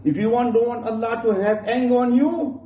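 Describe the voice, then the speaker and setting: High-voiced man preaching in a roomy hall. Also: a little fast. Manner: repetitive, emphatic, with many restarts. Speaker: Islamic preacher. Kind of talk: sermon. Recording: roomy, distant, dull lo-fi with faint hum.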